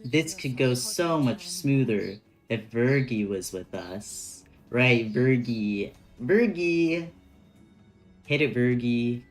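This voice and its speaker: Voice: mid-range voice, slow pace, few pauses, darkish tone, soft background music. A game streamer chatting casually with their chat, laughing often while reading a story game aloud.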